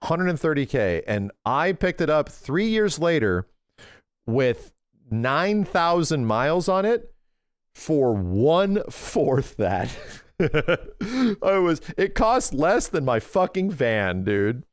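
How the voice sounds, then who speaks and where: A man streaming, chatting casually and excitedly with his viewers, swearing often and acting out his own past conversations. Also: fairly high pitch, a little slow, dry recording, studio quality. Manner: excitable, profane, retells talks in quoted voices. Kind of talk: casual livestream chat.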